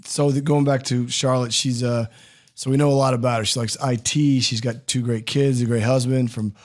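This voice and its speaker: A man's voice: medium pitch, fairly even intonation, moderate pace. A man hosting a casual interview show, joking and rambling, laughing at his own jokes. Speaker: podcast host.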